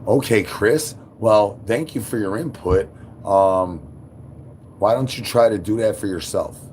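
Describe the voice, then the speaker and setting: A man hosting a live stream, talking to chat in rapid rhyming nonsense banter. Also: on the low side, darkish tone, slight background noise. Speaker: livestream host.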